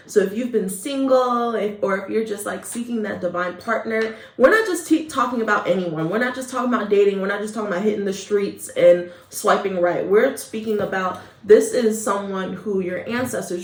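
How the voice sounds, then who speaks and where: Woman doing a tarot reading, chatty and hyped, kinda far from the mic, echoey room. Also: medium pitch. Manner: chatty, hyped, affectionate, slangy. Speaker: tarot reader. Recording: echoey room, mic at a distance, faint noise.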